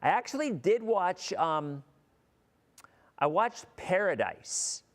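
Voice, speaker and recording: A man's voice: high-pitched, very animated, takes it slowly. A middle-aged man from Florida, a weather broadcaster hosting a casual livestream and chatting in a rambling way. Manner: rambling, chatty, with frequent restarts. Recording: long hall reverb.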